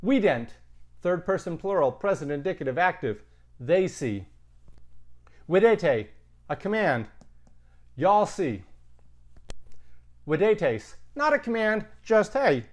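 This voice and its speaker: A man's voice: high-pitched, very animated, slow pace, pauses often, darkish tone. A man teaching a Latin lesson, thinking aloud with casual asides. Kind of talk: recorded lesson.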